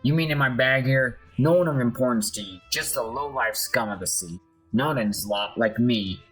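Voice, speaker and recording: A man's voice: mid-range voice, moderate pace, fairly bright tone, faint music behind, close to an everyday voice, poor audio. A man voicing a bitter, drunken old male sailor who growls and snarls. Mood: scornful.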